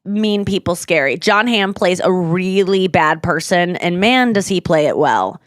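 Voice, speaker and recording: A woman's voice: lowish voice, lively intonation, no room sound. Rambling woman hosting a comedy podcast. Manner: rambling, self-interrupting, quick to laugh. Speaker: podcast host. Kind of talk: casual comedy podcast chat.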